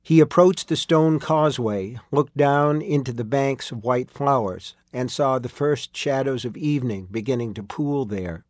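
A man narrating a story in a steady storytelling read. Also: medium pitch, a little slow, hardly any pauses, no echo, studio quality. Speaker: audiobook narrator. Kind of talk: scripted narration.

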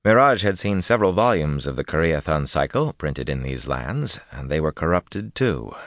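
Male audiobook narrator, very low voice, steady delivery, dry booth sound. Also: normal speed, no echo. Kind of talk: scripted narration.

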